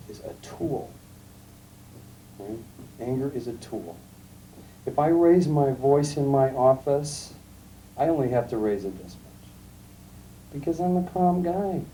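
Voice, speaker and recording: A middle-aged man giving a classroom lecture, telling anecdotes in a calm, emphatic storytelling way. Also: medium pitch. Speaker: guest lecturer. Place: lecture room. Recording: distant mic, faint room noise, archival tape.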